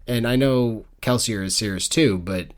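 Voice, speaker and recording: A man's voice: lowish voice, moderate pace. A man co-hosting a book club podcast, chatting casually, joking and laughing often. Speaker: podcast co-host.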